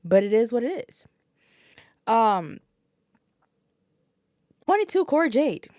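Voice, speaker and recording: A woman's voice: a little high, sing-song, slow, a little mellow, no echo, studio quality. A woman guest on a podcast, talking casually and bluntly, swearing freely and dropping fillers. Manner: blunt and profane, with frequent fillers.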